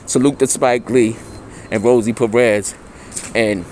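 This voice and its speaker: Man in middle age, mellow low-key tone, slangy storyteller. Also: fairly even intonation, unhurried, a little hiss or hum. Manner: slangy, loose street talk, acts out quoted voices higher. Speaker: interviewee. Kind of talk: casual storytelling.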